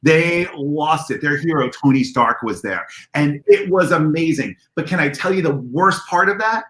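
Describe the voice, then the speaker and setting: A man on a video call, telling convention stories in an animated way and acting out the dialogue in a raised voice. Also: a little high, moderate pace, roomy sound. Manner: excitable, acts out dialogue in a raised voice. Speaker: convention organizer guest. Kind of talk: animated storytelling on a livestream.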